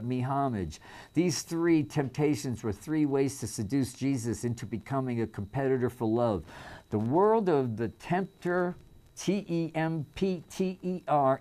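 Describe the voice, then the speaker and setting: Reading a text aloud as host, a man with a mid-range, darkish voice keeps breaking off with fillers, restarts and his own remarks. It's casual spoken commentary on the reading.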